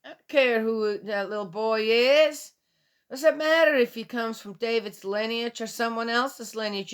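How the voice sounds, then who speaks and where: A woman's voice: on the high side, unhurried, smooth. A woman reading a Bible passage aloud and commenting on it in a casual, skeptical way, asking many rhetorical questions.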